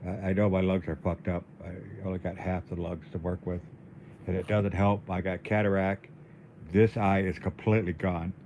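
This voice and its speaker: A man livestreaming in a casual, halting way, dizzy and weak, often repeating his words. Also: low-pitched, flat delivery, darkish tone, lo-fi sound, a little hiss or hum. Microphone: phone.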